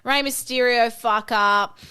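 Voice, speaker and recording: A young Australian woman co-hosting a podcast, telling trip stories in lively casual chat and swearing freely. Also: a little high, slow pace, clear, resonant tone. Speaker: podcast co-host.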